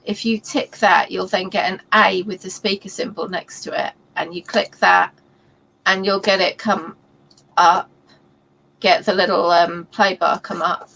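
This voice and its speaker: Woman, slightly gravelly, livestream co-host, explains things step by step. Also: mid-range voice, little pitch movement, measured pace, fairly bright tone, poor audio. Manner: rambling, explains step by step with many ums. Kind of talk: casual livestream chat.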